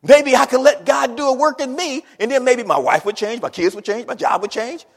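A pastor preaching a sermon, dramatic, swinging from shouts to hushed words. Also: male voice, very high voice, brisk, slightly rough. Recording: long hall reverb.

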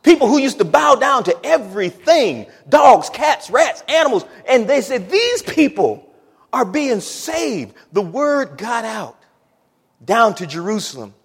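A man preaching, his voice pitched high and leaping up and down as he builds. Quiet asides turn into shouted emphasis. It is heard in a hall with a long ringing reverb. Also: a little slow, gravelly, slightly rough. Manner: animated, swings from quiet to shouting, laughs between points. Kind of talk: sermon.

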